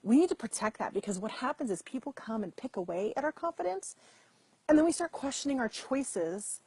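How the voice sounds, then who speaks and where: Middle-aged woman host, husky and a bit high, chatty and direct with viewers on a live stream. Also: expressive, brisk, warm tone. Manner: chatty, repeats and restarts, addresses viewers directly. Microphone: computer mic over weak internet.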